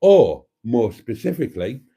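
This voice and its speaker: A man chatting warmly with viewers on his live stream, camp and talkative, laughing often and calling them darlings. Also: mid-range voice, very animated, measured pace.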